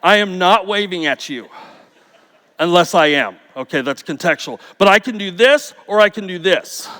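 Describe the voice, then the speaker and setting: A middle-aged man giving a conference talk, telling stories with jokes in an animated, playful way. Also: high-pitched, moderate pace. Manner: storytelling, jokey, animated. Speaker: conference speaker. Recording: reverberant hall.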